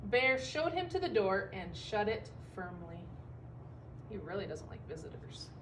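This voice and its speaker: A woman teacher reading a picture book aloud to children, expressive and stopping to comment on the pictures. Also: mid-range voice, recorded from a distance, noisy background. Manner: expressive, pausing to comment for young listeners.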